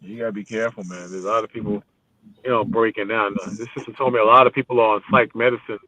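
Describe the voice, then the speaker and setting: A man's voice: lowish voice, quick pace, dry recording, rough recording. A man describing a busy city street while out walking, exclaiming and repeating himself. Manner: excited, exclaiming, repetitive. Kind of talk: casual chat, live street commentary.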